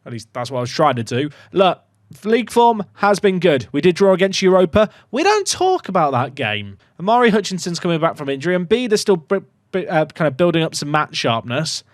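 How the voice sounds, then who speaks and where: Excitable male gaming commentator who shrieks at chances, wildly animated delivery, dry close sound. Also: high-pitched, a little fast, no room sound. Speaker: gaming YouTuber. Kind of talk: live football-game commentary.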